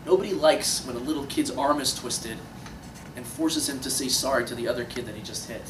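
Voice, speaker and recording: A young man giving an impassioned religious lecture to a room of listeners, swinging between emphatic peaks and quiet low passages. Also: fairly quick. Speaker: Torah teacher. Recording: echoey room, distant mic, faint noise.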